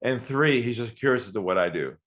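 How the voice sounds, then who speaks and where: A man's voice: medium pitch, expressive, a little fast, a bit bright. A man guest on an interview podcast, teaching sales by telling stories and acting out both sides of phone calls. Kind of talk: storytelling interview talk.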